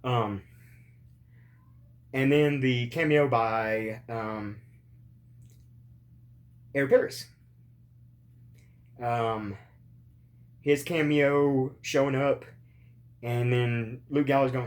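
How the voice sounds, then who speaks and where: A man's voice: medium pitch, fairly even intonation, extremely slow, long pauses. Rambling, sore man host in pain. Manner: rambling, profane, many ums and uhs. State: in pain after surgery. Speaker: podcast host. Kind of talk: casual podcast review.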